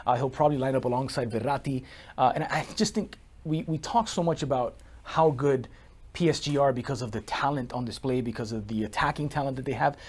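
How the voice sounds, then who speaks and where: Man, sports show co-host, fast speech, casual football analysis, frequent restarts. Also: medium pitch, breathy edge.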